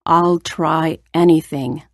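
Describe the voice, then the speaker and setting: A proud male lion who rules the jungle, speaking slowly and deep for a storybook, as a woman reader puts him on. The voice is dry and close, with little room around it. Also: steady tone, dry recording, full character voice.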